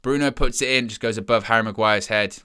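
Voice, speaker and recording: A young man giving excitable, chatty live commentary as a fan following a football match. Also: lowish voice, quick pace, smooth. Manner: excitable, chatty play-by-play with asides.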